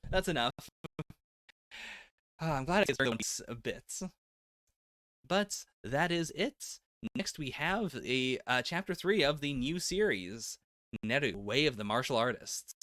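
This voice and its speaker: A man's voice: on the high side, a bit bright, no room sound, clean studio sound. A man giving a casual, rambling live reaction to manga chapters, full of "like" and little laughs. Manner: rambling and chatty, lots of "like" and laughs. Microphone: laptop setup.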